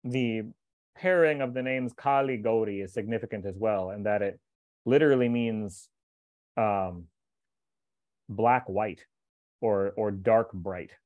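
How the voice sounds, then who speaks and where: A man reading a translated scripture aloud in a measured, deliberate way, stopping for short explanatory asides. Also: on the low side, darkish tone, no echo, highs cut off. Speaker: scripture reader and teacher.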